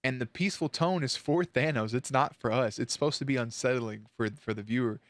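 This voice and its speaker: A man's voice: medium pitch, brisk, dry recording. Candid, emotional man vlogging, dry sound. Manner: emotional, candid retelling with casual swearing. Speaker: reaction channel host. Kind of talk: casual storytelling to camera.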